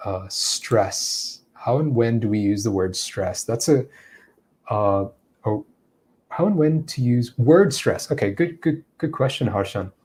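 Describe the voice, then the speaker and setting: A man coaching English who reads viewer questions aloud, repeats them, then answers in a relaxed way. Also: medium pitch, a little slow, slightly rough. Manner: relaxed, with frequent fillers and restarts. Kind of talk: live Q&A.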